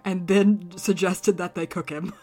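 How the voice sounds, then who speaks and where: A podcast co-host with a lowish woman's voice tells a dark fairy tale casually. She giggles often and drops dry, joking asides. Faint music plays underneath. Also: steady tone, unhurried. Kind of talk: casual storytelling chat.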